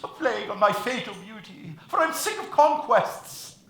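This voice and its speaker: A woman's voice: on the high side, sing-song, moderate pace, reverberant. A woman playing a vain male poet tired of his own charm, declaiming melodramatically on a theater stage. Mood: self-pitying. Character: vain handsome male poet, weary of conquests. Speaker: stage actor. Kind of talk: amateur stage musical acting.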